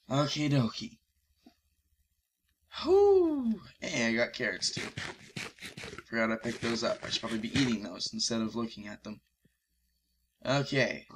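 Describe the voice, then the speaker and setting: A young man commentating his Minecraft let's-play, excitable and swearing loudly whenever he is in danger. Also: medium pitch. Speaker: gaming YouTuber.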